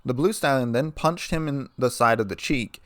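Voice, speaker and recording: A man reading a fan story aloud as narrator, in a steady storytelling manner. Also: medium pitch, normal speed, dry recording, clean studio sound.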